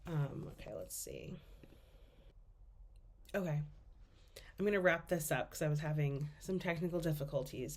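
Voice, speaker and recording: A woman's voice: sits low, a little mellow. A young woman giving a class presentation as a student, speaking casually with lots of fillers as she thinks aloud.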